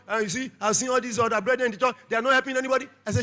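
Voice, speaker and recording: A middle-aged Nigerian man preaching a church sermon with a Nigerian accent, shouting lines and calling for the congregation's amens. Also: very high voice, steady tone, rapid-fire, few pauses. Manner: shouting, call-and-response preaching. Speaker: pastor.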